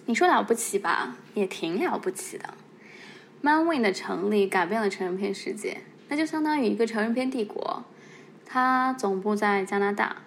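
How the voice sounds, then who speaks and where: A woman's voice: medium pitch, animated, moderate pace, creaky, a little hiss or hum. A woman hosting a podcast, explaining in a conversational tone with playful asides. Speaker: podcast host. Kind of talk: casual podcast narration.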